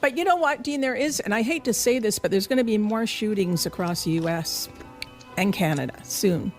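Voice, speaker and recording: A woman's voice: mid-range voice, fairly quick, faint music behind. A woman making earnest predictions as a radio show psychic in casual banter. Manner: earnest predictions, laughs easily.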